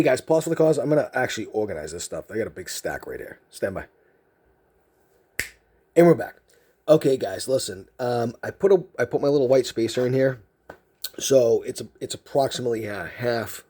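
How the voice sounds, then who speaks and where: A man's voice: mid-range voice, dark tone, breathy edge. A man telling a story casually as a card video host, rambling with lots of fillers and restarts.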